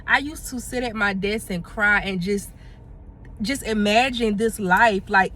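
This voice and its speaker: A woman's voice: medium pitch, unhurried, fairly bright tone. Chatty woman vlogging on errands. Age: 20s. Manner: chatty and heartfelt, drifts into sung lines and praise. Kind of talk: casual vlog chat to camera. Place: out and about running errands, in a car and stores.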